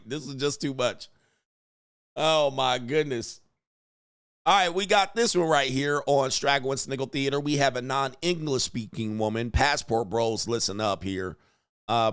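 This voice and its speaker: A man's voice: mid-range voice, fairly bright tone. Mocking man hosting crude reaction commentary. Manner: mocking, laughing between remarks; crude, loose street slang. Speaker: host.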